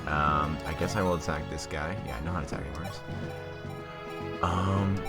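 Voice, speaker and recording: This let's play host, a guy in his late teens, has a rumbling low voice at normal speed. He giggles through casual commentary and reads the game's text aloud, making self-deprecating jokes as game music plays.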